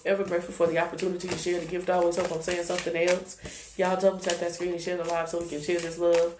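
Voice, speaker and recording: A woman's voice: lowish voice, flat delivery, quick pace, very noisy. A woman giving a live-stream tarot reading in a blunt, profane manner, with laughing asides and lots of "right?" checks. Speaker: tarot reader. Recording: roomy echo.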